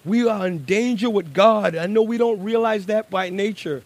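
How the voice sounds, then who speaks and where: A man preaching a sermon. He drops to a hushed, low voice, then builds to loud, emphatic bursts and slows down on key words. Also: no echo.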